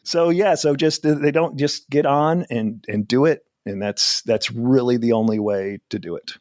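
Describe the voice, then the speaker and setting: A man's voice: mid-range voice, normal speed, a little mellow, no echo, clean studio sound. Rambling, self-mocking man in his forties. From New Jersey. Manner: rambling, self-deprecating, laughs often. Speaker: comedian guest. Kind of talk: casual interview chat.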